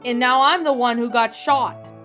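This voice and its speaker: A hot-headed young man who snaps and swears at everyone around him, as a woman reading a fan story puts him on. The voice sits fairly high. Faint music plays underneath. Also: steady tone, moderate pace, sharp tone. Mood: angry. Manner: snapping, cursing.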